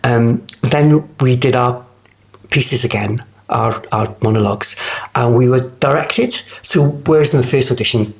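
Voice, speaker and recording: A middle-aged actor chats as a guest in a casual interview, telling stories and acting out quoted voices, with many restarts. His mid-range voice carries vocal fry and moves a little slowly.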